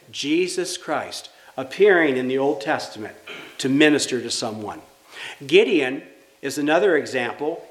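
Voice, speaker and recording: A middle-aged male pastor with a slightly high voice delivers a conversational sermon, posing rhetorical questions to the congregation and reading scripture slowly.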